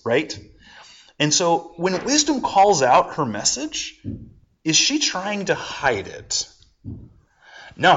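A man's voice: medium pitch, a bit bright. A man teaching a casual Bible lesson, talking it through with rhetorical questions and everyday examples. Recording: dull lo-fi recording.

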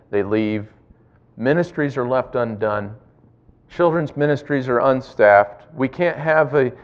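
A man preaching a sermon as pastor, building emphasis and slowing for weight. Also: mid-range voice, muffled recording. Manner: preaching with rising emphasis and drawn-out pauses.

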